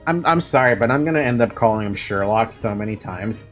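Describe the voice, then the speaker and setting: A streamer giving casual let's-play commentary, with giggly, animated asides. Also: mid-range voice, brisk, soft background music.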